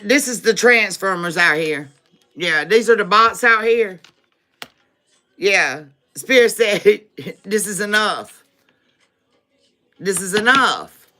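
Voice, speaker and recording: A woman's voice: mid-range voice, unhurried, pushed and bright, soft background music. A woman giving a live-streamed tarot reading, laughing often, repeating phrases for emphasis and calling her viewers baby. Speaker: tarot reader.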